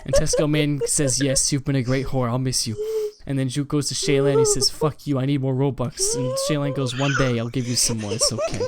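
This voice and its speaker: A young man tells a rambling, crude improvised story on a live stream. His pitch swings widely as he goes. Loud background noise runs under his voice throughout. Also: very animated, a little fast, hardly any pauses.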